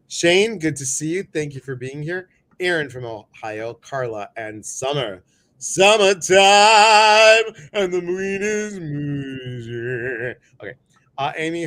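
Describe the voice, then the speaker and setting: A middle-aged man hosting a live stream, greeting viewers by name in a playful, jokey way, often jumping his voice up high. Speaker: host of a live show.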